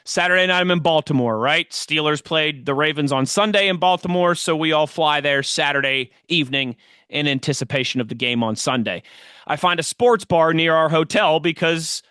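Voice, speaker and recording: A man co-hosting a casual sports podcast, telling lively stories and mimicking the people in them. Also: fairly high pitch, moderate pace, clear, resonant tone, dry recording, studio quality. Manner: animated storyteller, mimics others' voices. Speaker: podcast co-host.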